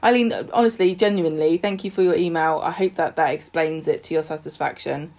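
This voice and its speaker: A woman's voice: sits low, a little fast, darkish tone. A woman co-hosting a podcast, chatting casually and earnestly while joking about the show. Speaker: podcast co-host. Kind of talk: casual chat.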